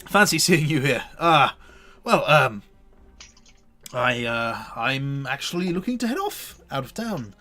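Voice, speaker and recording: A man voicing a smooth-talking traveling showman who politely brushes people off. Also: medium pitch, very animated, unhurried, sharp tone, soft background music. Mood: breezy.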